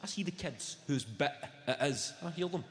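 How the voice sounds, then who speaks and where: Scottish male stand-up, sardonic, sweary, animated; echoey live hall, loud crowd. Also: on the high side, moderate pace, heavy background noise. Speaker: stand-up comedian. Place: large live venue.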